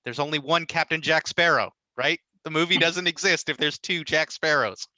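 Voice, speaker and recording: A man's voice: on the high side, normal speed, sharp tone, dry recording, low-quality recording. A man explaining nonprofit mergers as an interview guest, confident and explanatory, often checking in with a rhetorical "right?". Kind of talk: conversational interview answers.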